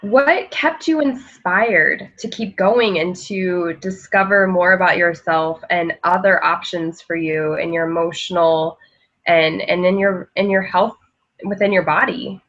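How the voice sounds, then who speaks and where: A woman's voice: fairly low pitch, measured pace, a bit bright. A woman hosting an interview, asking questions and encouraging her guest with short affirmations. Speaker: interview host. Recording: dull lo-fi audio.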